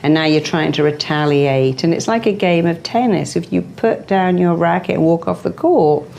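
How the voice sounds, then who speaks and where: A woman with a very low speaking voice gives motivational advice in an interview. She talks in a lively way and acts out the voices of the people she quotes. Her tone is that of a therapist sharing lessons. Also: moderate pace, gravelly, slight background noise.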